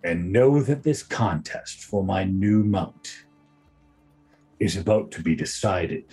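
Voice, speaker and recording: A man voices a towering minotaur ruler on his throne, speaking in a grave, measured way. He talks slowly, with a lively, rolling pitch. Faint music sits behind him. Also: exaggerated voice. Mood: solemn. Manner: slow, grave, measured speech. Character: huge solemn minotaur ruler, male.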